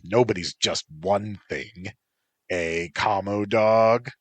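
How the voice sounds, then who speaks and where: In a storybook reading, a man with a lowish voice plays a gruff male tengu bodyguard who teases in a dry, mocking, unhurried way. The recording has no echo.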